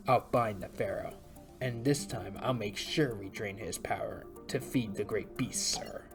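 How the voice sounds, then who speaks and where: A loyal henchman reports in a grave, gruff tone, as a woman acts him out. Her voice drops well below her usual pitch for him. Faint music plays behind. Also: a little slow.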